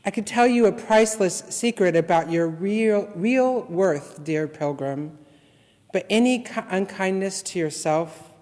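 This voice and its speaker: A man serving as guest minister, reading a litany and a poem aloud in worship with a slow, measured, solemn delivery. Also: high-pitched, darkish tone. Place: church sanctuary. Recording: long reverb from a large hall.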